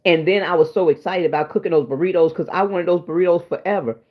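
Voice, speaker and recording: A woman's voice: on the low side, fast. A woman hosting her own livestream, chatting to viewers in a rambling, emotional way after a sleepless night. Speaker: livestream host. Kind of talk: casual livestream chat. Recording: dull lo-fi stream audio.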